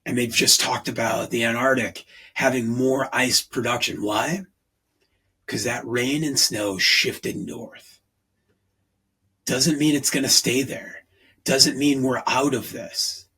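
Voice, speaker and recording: A man's voice: mid-range voice, vocal fry, bright, forceful tone, slightly rough, rough recording. A man in his forties hosting a podcast, talking in an earnest, rambling way. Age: 40s. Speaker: podcast host. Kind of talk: casual podcast monologue.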